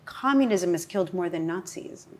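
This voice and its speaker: A woman with a Spanish accent, a political candidate talking as a guest in casual conversation, animated and laughing often. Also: lowish voice, normal speed. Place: home.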